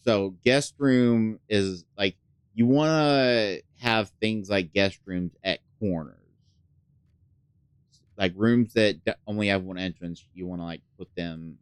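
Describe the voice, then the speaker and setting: Low, smooth-voiced man rambling through a game. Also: takes it slowly, no echo. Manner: rambling, filler-heavy, casual swearing; drops to a mutter when thinking aloud. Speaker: gaming channel host. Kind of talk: casual let's play commentary.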